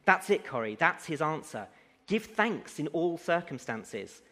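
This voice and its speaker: A man reading the lines of a serene, faithful woman in a calm, gently insistent tone, in a hall with long reverb. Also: on the high side, a little slow, pitched above the performer's own voice, heavily acted. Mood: encouraging.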